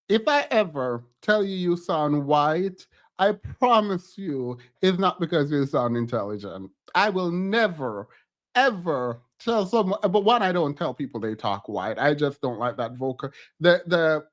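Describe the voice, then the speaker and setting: A man with a notably high voice gives loose, chatty reaction commentary on a stream. He is animated, breaks into laughter often, and his pitch leaps sharply when something shocks him. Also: unhurried. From outside the US.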